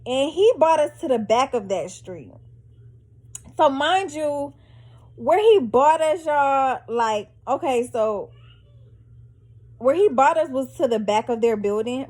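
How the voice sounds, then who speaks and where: A young woman vlogger telling a dramatic story to her viewers in a lively, animated way. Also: high voice. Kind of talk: storytime vlog.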